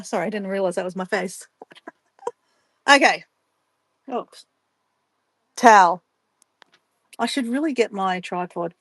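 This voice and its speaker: A woman's voice: on the high side, fairly bright tone, dry recording. A woman, a travel vlogger chatting casually and playfully with livestream viewers while she packs. She laughs often and talks to herself as she goes. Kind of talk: casual livestream chat reading viewer comments.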